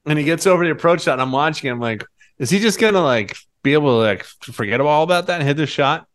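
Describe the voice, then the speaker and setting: A man's voice: a little high, expressive, fast, a bit bright. A man in casual chat, telling a story with animation, laughing as he goes and acting out the voices of the people in it. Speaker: podcast co-host.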